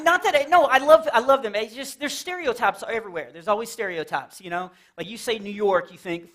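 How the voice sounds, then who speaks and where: A high-pitched, slightly bright male voice belongs to a Texas comedian. In a church fellowship hall with a live audience, he runs a chatty, playful stand-up set and switches into silly character voices as he tells jokes.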